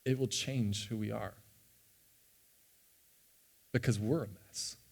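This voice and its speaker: A young man, a pastor, telling a personal story in a sermon with earnest, animated delivery and frequent restarts. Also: on the low side, takes it slowly, vocal fry. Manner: earnest and animated, often repeating words as he restarts. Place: church sanctuary.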